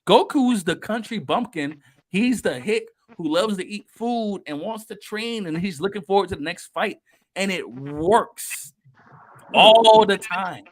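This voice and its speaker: A man hosting a casual podcast, talking excitably and emphatically with plenty of cursing. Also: sits high, normal speed. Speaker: podcast host.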